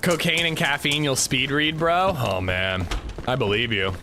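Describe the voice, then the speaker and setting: A man's voice: medium pitch, unhurried, noisy background. A man livestreaming a game, chatting casually and rambling while he reads chat aloud.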